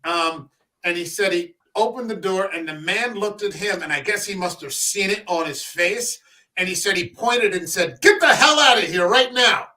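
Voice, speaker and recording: A man's voice: high voice, normal speed, sharp tone. A man co-hosting a casual film podcast, telling stories in a rambling way and swearing freely. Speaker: podcast co-host. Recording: voice a bit far from the mic.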